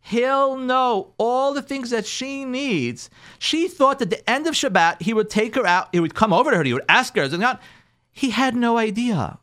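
A male rabbi tells a story to his listeners, his voice rising and falling with expression. He slips into each character's lines as he goes, keeping the telling animated from start to finish. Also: very high voice, normal speed. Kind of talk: storytelling talk.

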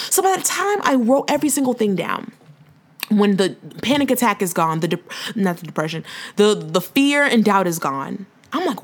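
A woman's voice: on the high side, sing-song, brisk. A young woman hosting a faith podcast, talking in an emotional, emphatic way, sprinkling slang into preachy encouragement. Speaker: podcast host. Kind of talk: faith-based podcast monologue.

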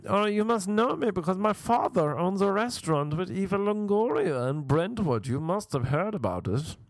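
A man's voice: sits high, lively intonation, dry recording, pitched above the performer's own voice. A man voicing a pompous young man who puts on a fake posh voice, haughty and drawn out. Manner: haughty, drawn-out, name-dropping.

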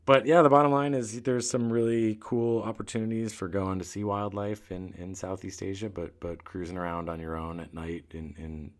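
Guy with a really low voice telling a travel story, animated, laughing a lot. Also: normal speed, hardly any pauses. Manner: animated, laughing, acts out quoted lines. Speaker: guest storyteller. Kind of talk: casual storytelling chat.

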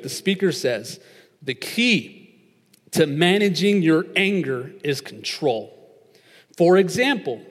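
A young man giving a casual sermon, telling a story in a chatty way with lots of filler words. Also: fairly high pitch. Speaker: preacher. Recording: long reverb of a large hall.

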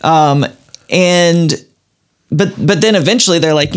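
A man's voice: a little high, measured pace, clean tone. A man hosting a casual comedy chat, telling a rambling story full of restarts. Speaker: podcast host.

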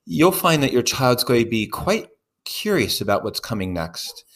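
A middle-aged man, a pediatrician, calmly explaining child behavior on a parenting podcast. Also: medium pitch, normal speed. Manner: explanatory, steady, builds on co-host's points. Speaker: pediatrician co-host. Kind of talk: podcast parenting advice chat.

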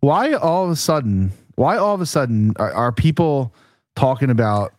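A man's voice: medium pitch, very animated, normal speed, a little mellow, no echo. A man co-hosting a casual sports podcast, rambling and restarting his sentences as he asks questions. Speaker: podcast co-host. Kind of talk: profane casual sports chat.

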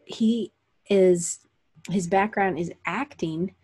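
Chatty husky woman hosting a livestream. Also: on the low side, slow pace, dark tone. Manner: chatty, rambling, with many fillers and self-corrections. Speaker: host of a live online session for creative business owners. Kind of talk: casual livestream talk.

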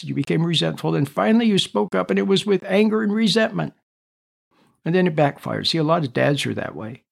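A man hosting a reflective radio talk, speaking in a calm, repetitive, teaching way. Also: a little high, vocal fry.

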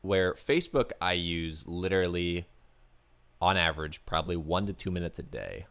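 A man's voice: low-pitched, expressive, moderate pace, fairly bright tone. A man co-hosting a podcast in casual chat, rambling with lots of fillers. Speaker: podcast co-host.

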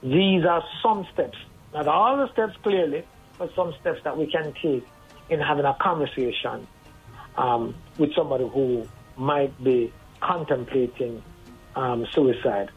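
Husky voice on a phone line. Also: medium pitch, unhurried. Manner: earnest, advising, conversational. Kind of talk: radio call-in talk. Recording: tinny phone line over faint music.

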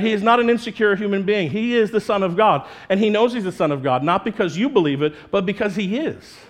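A male pastor delivers a sermon in a lively, conversational way, swinging into playful quoted voices as he makes his point. His voice sits high for a man. He sounds like a young adult. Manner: animated, conversational preaching with playful put-on quotes.

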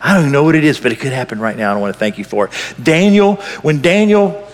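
A man preaching a sermon as pastor, impassioned, swinging between loud bursts and hushed lines. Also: on the high side, expressive, quick pace, big-room sound.

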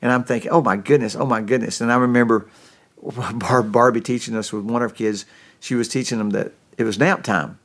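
A middle-aged man preaching a sermon in a middle-pitched voice. He tells the story in a folksy, homespun way, often restarting his sentences. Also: fairly even intonation, a little fast, fairly bright tone. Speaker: pastor.

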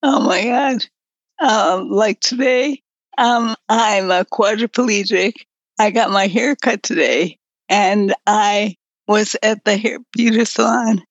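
A woman's voice: medium pitch, slow, no echo. A woman guest in a casual interview with a weak voice that fades in and out, speaking candidly and bluntly. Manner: candid, frank and blunt, with mild swearing. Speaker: guest, artist and writer. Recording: dull lo-fi recording.

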